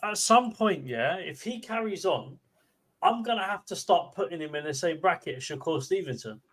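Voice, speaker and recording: A man co-hosting a casual boxing chat show, animated, ranting and repeating himself. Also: on the high side, normal speed, slightly rough. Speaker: co-host.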